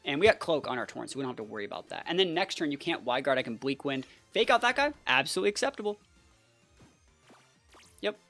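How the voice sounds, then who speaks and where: A young adult giving casual, excitable live gameplay commentary as a channel host, full of "like" and "bro". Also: medium pitch. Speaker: competitive battle player and channel host.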